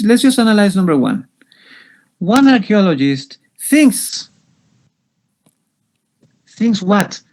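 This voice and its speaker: A man walks a class through English grammar in an online lesson. His voice sits a little high and he speaks slowly, pausing on fillers and restarting sentences as he explains. He sounds patient and methodical. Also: a little mellow. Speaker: English teacher.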